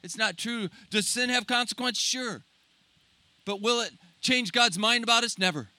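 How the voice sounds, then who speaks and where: A man preaching a sermon, impassioned at times and dropping to soft, slow, intimate tones on key phrases. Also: extremely high pitch, dry recording. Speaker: pastor.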